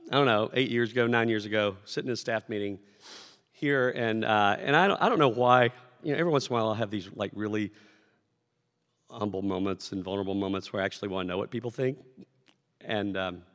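A man preaching a sermon to his congregation, conversational and animated, acting out shouted lines as he tells stories. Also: medium pitch, fast. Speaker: pastor. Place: church sanctuary. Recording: long hall reverb.

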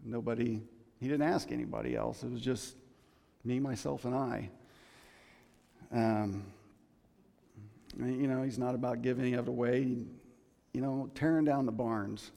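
Gravelly man preaching a casual sermon. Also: medium pitch, fairly even intonation, measured pace, long pauses, mellow, long reverb tail. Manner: conversational, joking, many restarts.

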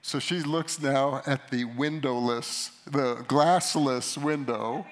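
A middle-aged man giving a sermon to a live audience, telling a story about himself with animated, self-mocking humor. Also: mid-range voice, slow. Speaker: pastor or conference speaker.

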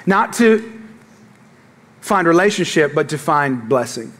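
A man's voice: fairly high pitch, measured pace. A middle-aged male pastor preaching a sermon, telling jokes and stories and calling out to the congregation. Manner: animated, joking storytelling to the congregation.

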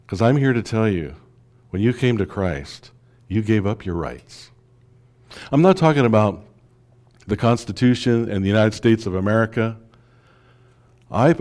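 A man preaches a sermon in a lowish voice, putting rhetorical questions to the congregation and moving between quiet asides and forceful declarations.

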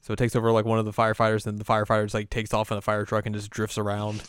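A man's voice: lowish voice, completely flat delivery, racing, smooth, no echo, clean studio sound. A man co-hosting a podcast who recaps an episode in a rambling, jokey way, full of fillers. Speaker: podcast co-host. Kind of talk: casual chat, episode recap.

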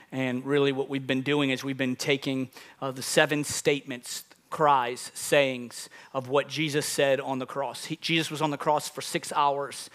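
A man who is a lead pastor, delivering a sermon to a congregation, moving from calm teaching to loud, emphatic preaching with call-outs to the crowd. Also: mid-range voice. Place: church service before a congregation.

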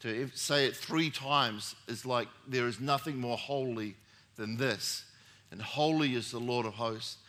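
A man's voice: medium pitch, measured pace, fairly bright tone. A middle-aged man preaching a sermon as pastor, telling family stories in a conversational way and rising to emphatic peaks.

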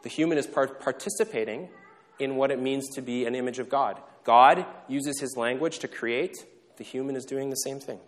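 A male pastor giving a conversational sermon, joking in quick asides and checking in with the congregation. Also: medium pitch. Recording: long reverb in a large hall.

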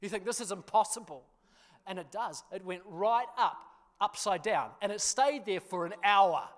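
A man preaching, telling a funny personal story with laughter before turning to a quieter sermon. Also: high-pitched, normal speed. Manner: animated storyteller, laughs through the tale, drops quiet for scripture. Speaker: pastor.

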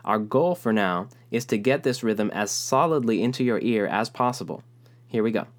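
A young man teaching a rhythm lesson, explaining calmly and speaking rhythm syllables aloud. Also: lowish voice, moderate pace. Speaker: music teacher.

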